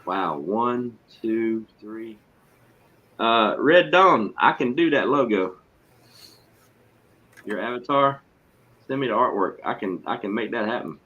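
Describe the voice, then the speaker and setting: Low-voiced, cursing male streamer. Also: takes it slowly, long pauses. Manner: profane, excitable, reads chat aloud. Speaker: streamer host. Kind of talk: casual stream chat. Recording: muffled lo-fi mic.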